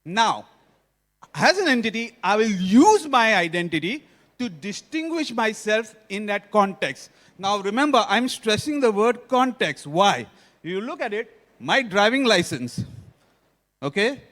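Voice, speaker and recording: Indian man, conference speaker, high voice, keeps checking the crowd follows, hall reverb. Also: big pitch swings, unhurried, fairly bright tone. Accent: Indian English. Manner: engaging, quizzes the audience often. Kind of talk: technical conference talk.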